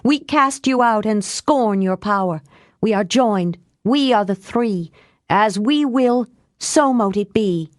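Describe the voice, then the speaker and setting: A woman voicing a tough, blunt young witch with a quick temper. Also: mid-range voice, expressive, a little mellow, no echo, studio quality, lightly acted. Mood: chanting.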